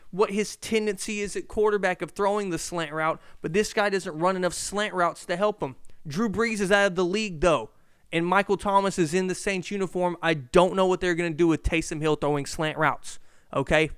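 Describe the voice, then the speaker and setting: Profane, rambling sports-podcast host. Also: male voice, high-pitched, moderate pace, clear, resonant tone, no room sound, studio quality. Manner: profane, rambling, animated rants. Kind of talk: casual solo sports podcast rant. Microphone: handheld mic.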